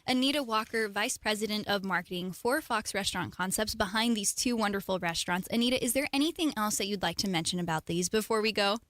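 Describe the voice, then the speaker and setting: A woman's voice: mid-range voice, fast, few pauses, a bit bright, no room sound. A woman co-hosting a live radio show in the studio, bubbly and gushing with enthusiasm. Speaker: radio co-host. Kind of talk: casual live radio chat.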